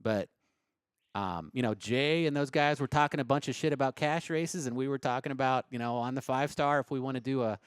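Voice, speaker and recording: A man appearing as a racer guest on a live-stream studio show, talking bluntly and casually and swearing now and then. His voice sits in a middle pitch and sounds close and dry. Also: fairly quick, clean tone, no echo.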